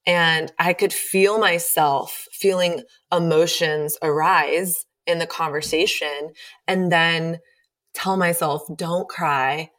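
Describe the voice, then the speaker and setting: A woman's voice: lowish voice, steady tone, takes it slowly, fairly bright tone. A woman hosting an interview, talking candidly and chattily and laughing easily. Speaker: podcast host. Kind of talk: casual interview chat.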